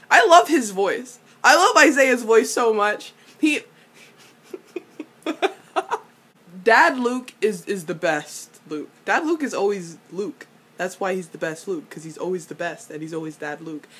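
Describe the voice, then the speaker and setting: A young woman recapping a TV episode in a casual, animated way, exclaiming, swearing and laughing often. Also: mid-range voice, measured pace, husky. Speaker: vlogger.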